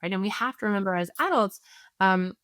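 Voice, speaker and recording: A woman speaking as a parenting expert guest on a podcast interview. She explains at a middling pitch, walking through everyday scenarios and checking in with her listeners as she goes. Her voice is dry and close to the mic. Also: expressive, a little fast, fairly bright tone, clear, resonant tone, no room sound. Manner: explains through acted scenarios, often asks "right?".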